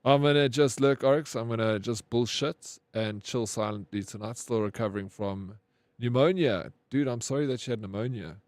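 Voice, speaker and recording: A man's voice: mid-range voice, moderate pace, a little mellow, no echo. Rambling man streaming, dry sound. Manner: rambling, swears casually, says "bro" a lot. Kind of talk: casual stream chat, reading chat aloud.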